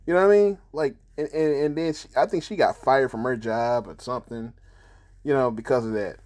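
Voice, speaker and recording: A man's voice: medium pitch, brisk, a little mellow. A man giving casual, heated commentary on news videos, profane and repetitive, in an indignant manner.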